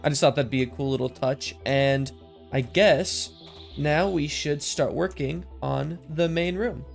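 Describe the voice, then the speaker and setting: Male gaming commentator, slightly high voice, relaxed rambling delivery, lisp-like sibilance from mic filters. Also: a little slow, gravelly, soft background music. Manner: chatty, rambling, easily amused. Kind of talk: casual game commentary. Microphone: desk mic with processing filters.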